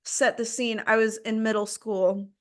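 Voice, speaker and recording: A young woman hosting a podcast, telling a personal story in an animated, dramatic way. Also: a little high, measured pace. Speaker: podcast host. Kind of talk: casual storytelling chat.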